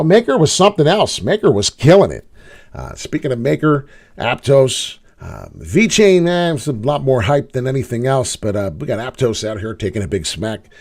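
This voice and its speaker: Middle-aged man, crypto host, lively swooping pitch, rambling, cursing, casual chat. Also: creaky. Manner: animated, rambling, swears freely. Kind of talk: casual market commentary.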